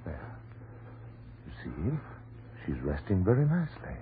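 An actor playing a calm, reassuring doctor in a vintage radio drama, speaking firmly and soothingly. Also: male voice, low-pitched, exaggerated voice. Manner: soothing, firm, measured. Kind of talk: 1940s radio acting. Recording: tinny old radio recording, faint hiss.

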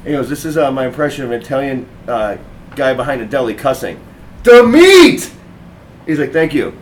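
A man's voice: mid-range voice, fairly even intonation, fast talker, far from the mic, a little hiss or hum, low-quality recording. A man hosting a podcast, telling rambling, profane stories about bad comedians in casual chat. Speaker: podcast host.

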